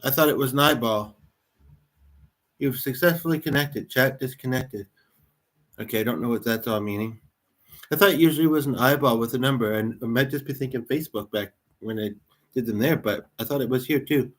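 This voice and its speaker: A man's voice: mid-range voice, brisk. A man in his thirties from Canada hosts a casual livestream. He rambles as he talks and keeps turning to speak with his few viewers. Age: 30s. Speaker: livestream host.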